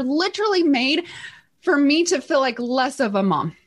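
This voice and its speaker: A middle-aged woman who co-hosts and runs a business, telling stories in an excited, animated way. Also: high voice, moderate pace. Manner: excited, animated storytelling with laughs. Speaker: podcast co-host and business owner. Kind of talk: casual chat.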